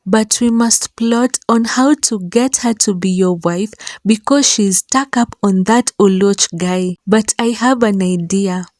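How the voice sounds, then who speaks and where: A man's voice: high-pitched, measured pace, hardly any pauses, a little mellow, dry recording, studio quality. A woman voicing a scheming, greedy uncle who talks in an eager, ingratiating way.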